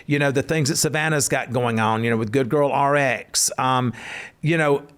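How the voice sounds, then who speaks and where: A man's voice: mid-range voice, moderate pace, clean tone. A man, co-hosting a casual podcast and telling stories animatedly. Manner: animated, rises to hollering when telling stories. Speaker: podcast co-host. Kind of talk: casual storytelling chat.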